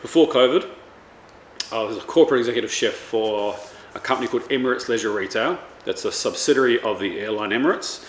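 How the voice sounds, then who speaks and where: A man's voice: medium pitch, quick pace. A man in his thirties, a chef chatting casually in a rambling way, full of ums and restarts. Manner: rambling, many fillers and restarts. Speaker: chef and vlogger. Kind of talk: casual chat. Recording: echoey room with faint background noise.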